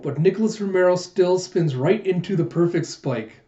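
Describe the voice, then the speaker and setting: A man excitedly recapping a manga chapter for his reaction show, reading the panels aloud and laughing often. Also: high-pitched, moderate pace, reverberant, muffled recording.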